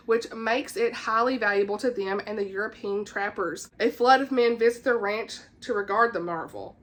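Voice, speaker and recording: A woman's voice: medium pitch, fairly bright tone. A woman with a Southern US accent chatting eagerly about upcoming books and reading their blurbs aloud, stumbling and laughing at her own slips. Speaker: book vlogger. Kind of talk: casual book chat, reading blurbs aloud.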